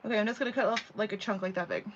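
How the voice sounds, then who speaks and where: Her mid-range voice races along as she hosts a laid-back live craft tutorial from home. Chatting and rambling, the craft channel host fills her talk with "like" and "you know." A faint hum sits beneath the slightly dull recording.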